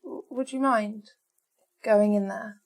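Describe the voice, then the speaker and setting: A woman's voice: medium pitch, steady tone, slow pace, a little mellow. A woman playing her character in a tabletop game, polite and stammering. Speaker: player. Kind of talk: in-character tabletop role-play.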